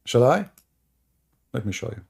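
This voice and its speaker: Male stream host, gravelly and dark-toned, sarcastic and mocking, loose grammar. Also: medium pitch, very animated, moderate pace. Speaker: livestream host taking callers. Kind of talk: mocking religious-debate livestream.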